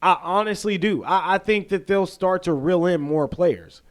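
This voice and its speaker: A man from the American South co-hosting a casual sports podcast, animated and quick to act out quotes and laugh. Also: sits high. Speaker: podcast co-host.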